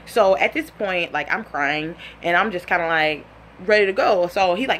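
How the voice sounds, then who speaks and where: A woman's voice: on the low side, normal speed, slight background noise. A young woman in her twenties telling a personal story in a casual, blunt and profane way, acting out what people said. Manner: animated, blunt and profane, acts out quotes.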